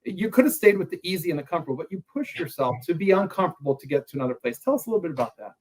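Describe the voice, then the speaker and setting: A male interview host with a fairly high voice who talks fast. He asks his question in a brisk, casual way and backs the guest up with short replies. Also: sing-song, slightly rough.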